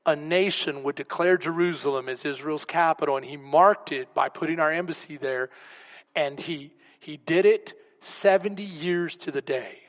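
A man's voice: fairly high pitch, moderate pace. A man from Texas, preaching a sermon as a pastor and telling stories with feeling, sometimes dropping to a whisper for emphasis. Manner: storytelling, emotional, whispers for emphasis. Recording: long reverb in a large hall.

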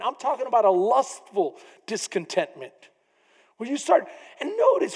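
A man preaching a sermon as pastor, building to shouted emphasis. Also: very high-pitched. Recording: long reverb of a large hall.

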